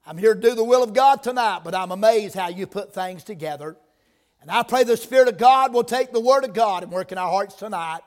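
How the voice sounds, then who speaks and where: High-voiced preacher in a reverberant church. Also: male voice, fairly quick. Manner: builds from quiet prayer to loud emphatic preaching. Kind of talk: sermon. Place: church sanctuary. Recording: long reverb of a church hall.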